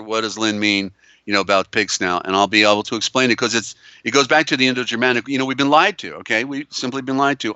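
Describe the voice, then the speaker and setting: A man's voice: medium pitch, bright, forceful tone, smooth, no room sound, highs cut off. A man hosting a live call-in show. He talks emphatically and repeats himself, with many fillers and restarts. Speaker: host. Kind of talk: live call-in show, reading viewer comments.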